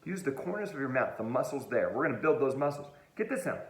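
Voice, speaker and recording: Man, middle-aged band teacher, fast and bouncy, playful, echoey room. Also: mid-range voice, very animated. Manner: upbeat, playful, talks straight to the viewer. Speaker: music teacher. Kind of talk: online music lesson for kids. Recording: roomy echo.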